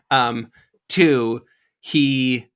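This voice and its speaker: A man's voice: mid-range voice, extremely slow, fairly bright tone, clear, resonant tone. A man co-hosting a podcast in casual chat, rambling and jokey, laughing often. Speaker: podcast co-host.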